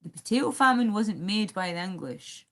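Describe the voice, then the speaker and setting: A woman's voice: mid-range voice, lively intonation, moderate pace. A Scottish woman rambling and swearing on a live stream, chatting directly to her viewers. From Scotland.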